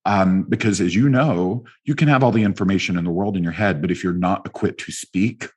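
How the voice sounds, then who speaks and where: A man speaks as a guest in an interview, his voice sitting very low. There is a husky grain to it as he tells his stories with lively energy, slipping into the voices of the people he quotes. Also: a little fast. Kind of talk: conversational interview storytelling.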